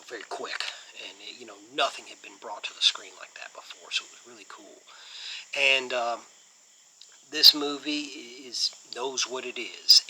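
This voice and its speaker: A man's voice: lowish voice, bright, forceful tone, a little hiss or hum, poor audio. A man hosting a casual movie review channel, rambling enthusiastically with lots of fillers.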